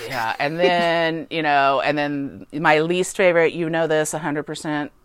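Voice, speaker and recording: A woman with a notably low voice, recorded dry and close, co-hosts a relaxed film discussion. She talks emphatically, repeating words for stress and filling pauses with "um." Her delivery is animated and opinionated. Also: clear, resonant tone, no echo. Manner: animated, emphatic, many fillers and repetitions. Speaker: podcast co-host. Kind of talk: casual movie review chat.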